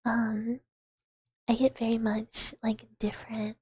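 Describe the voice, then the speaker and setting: Lady streamer whispering asmr chat, super breathy, kinda high, dry close mic sound. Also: little pitch movement, slow, no room sound. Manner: soft whispering, rambling with fillers and giggles. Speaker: VTuber streamer.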